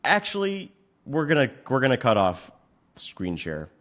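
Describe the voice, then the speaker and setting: A man hosting a fitness podcast, giving blunt, profane advice in a casual way and venting at his software. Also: mid-range voice, huge pitch swings. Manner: profane, frustrated rants; blunt, rapid instructions. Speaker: fitness coach and podcast host.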